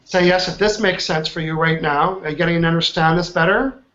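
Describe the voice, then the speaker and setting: A man's voice: fairly high pitch, fairly even intonation, brisk, fairly bright tone. A man leading an online coaching class, upbeat and chatty, often checking in with his students. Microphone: video call. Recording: muffled online call audio.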